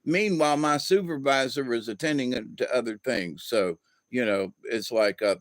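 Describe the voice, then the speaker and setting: A man giving an opinionated monologue, talking slowly and deliberately and acting out quoted dialogue. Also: medium pitch, no room sound, clean studio sound. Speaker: video host.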